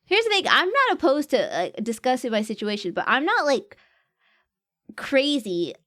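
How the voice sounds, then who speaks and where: A woman's voice: high voice, sing-song, normal speed, a bit bright. A young woman streamer chatting casually and reading out viewer comments, playful and jokey and often laughing. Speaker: VTuber streamer.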